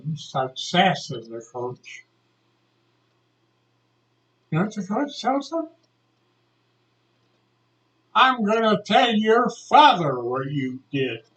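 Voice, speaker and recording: Older male storyteller, unhurried delivery with a lively, swinging pitch, dull lo-fi sound. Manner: animated, acts out shouted quotes. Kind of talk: telling a childhood story. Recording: dull lo-fi recording.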